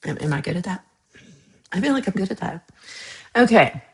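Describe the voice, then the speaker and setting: A woman's voice: medium pitch, animated, moderate pace. A woman from Texas hosting a casual livestream, chatting with viewers in a chatty, teasing way with playful outrage. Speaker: livestream host.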